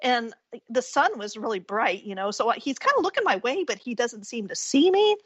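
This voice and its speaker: A woman with a fairly high, husky voice tells a story on a radio talk show, animated and quick to laugh. The sound is dry and a little dull, like a lo-fi call. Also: no echo. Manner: animated storyteller who acts out quotes and laughs often. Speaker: guest folklorist and author.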